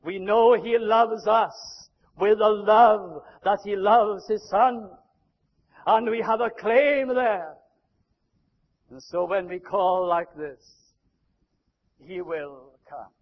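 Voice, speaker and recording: An old man in his nineties preaches with fervor, his voice set high for a man. He swells into impassioned cries and then falls back to hushed pleading. The sound is muffled and rings with the long reverb of a large hall. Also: slow pace. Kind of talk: sermon.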